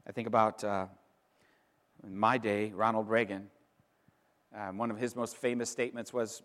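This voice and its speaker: A middle-aged man preaching an Easter sermon as pastor, emphatic, pausing for effect and repeating words as he builds. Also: fairly low pitch, flat delivery, a bit bright. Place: church sanctuary. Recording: long reverb in a large hall.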